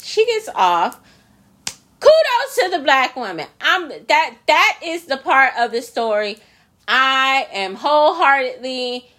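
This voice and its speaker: A woman's voice: sits high, a bit bright. A woman hosting her own podcast, delivering a profane, incredulous solo rant full of emphatic repetition. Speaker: podcast host.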